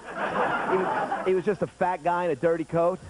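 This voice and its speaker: A loud crowd surrounds this man in his thirties as he does stand-up on a late-night TV stage, speaking at a moderate pace in a high, steady voice. He's chatty and acts out other people's lines, and the studio recording is noisy 1990s broadcast audio.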